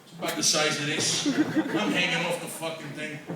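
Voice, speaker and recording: A man's voice: a little high, sing-song, brisk, a crowd in the background. A man doing a profane, self-mocking stand-up comedy set at an open mic. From New York. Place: comedy club open mic, large room. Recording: echoey room from far off with noise.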